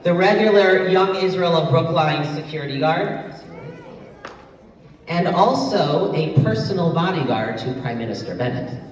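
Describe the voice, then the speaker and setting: A man's voice: on the high side, animated, unhurried, a little hiss or hum. A man narrating a stage comedy in a plain, matter-of-fact way. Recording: echoey hall from far off.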